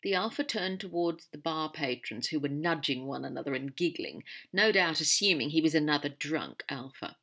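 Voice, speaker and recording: A lively, bright woman narrator. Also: deep voice, moderate pace, hardly any pauses. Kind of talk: audiobook narration.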